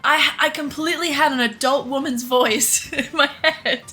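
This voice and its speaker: Young woman streamer, candid and rambling, bright tone with faint music behind. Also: high-pitched, fairly even intonation, moderate pace. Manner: candid, rambling, frequent swearing and laughs. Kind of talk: casual chat while cooking and gaming.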